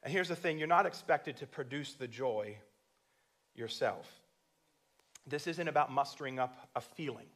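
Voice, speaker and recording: A man's voice: medium pitch, moderate pace, long pauses, fairly bright tone. A man preaching a church sermon with passion, acting out prayers and the voice of God as he tells a story. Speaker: pastor.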